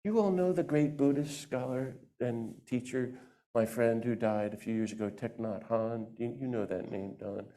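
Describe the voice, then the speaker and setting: A man giving a lively talk to a church audience into a microphone, acting out the voices he quotes. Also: medium pitch, moderate pace. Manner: animated, acts out quoted voices. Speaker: guest speaker.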